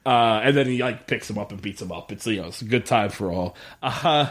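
A man's voice: fairly low pitch, fairly quick. A man co-hosting a casual podcast, recapping a TV episode, swearing freely, laughing often and acting out lines from scenes. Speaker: podcast co-host.

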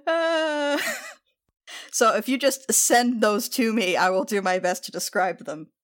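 A woman running a tabletop game as game master, describing the scene loosely with lots of fillers. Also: a little high.

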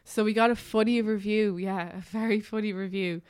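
A woman's voice: mid-range voice, fairly even intonation, moderate pace, darkish tone, smooth, no room sound, clean studio sound. A sick woman with a congested, nasal voice hosts a loose podcast chat. She rambles a little as she sets out the plan for the episode. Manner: rambling, organizing the show. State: sick and stuffed-up. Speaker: podcast host. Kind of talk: casual chat. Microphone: headphones on.

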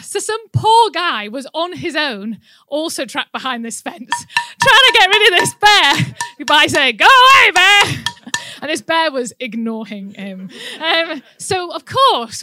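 A woman giving a church talk, telling a personal story in an animated way and laughing often. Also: sits high, measured pace, soft background music. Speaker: church speaker. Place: indoor room with an audience.

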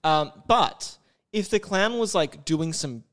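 A man's voice: on the high side, lively intonation, takes it slowly, a bit bright. A man co-hosting a podcast in casual, joking chat, swearing freely, laughing often and slipping into silly put-on voices. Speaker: podcast co-host.

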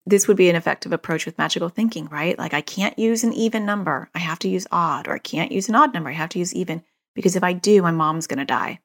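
A woman's voice: lowish voice, fast, a bit bright. A woman speaking as a parent educator, explaining a therapy approach in an earnest way, working through concrete examples and repeating her key phrases. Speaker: parent educator on child anxiety.

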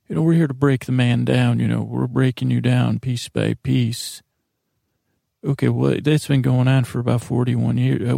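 A man in his forties with a deeply gravelly, mellow voice drifts through a rambling bedtime monologue, stammering and restarting often. His delivery stays flat and drowsy, with a deadpan calm. The sound is dry and close. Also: dry recording. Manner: meandering, stammering, with many restarts. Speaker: podcast host.

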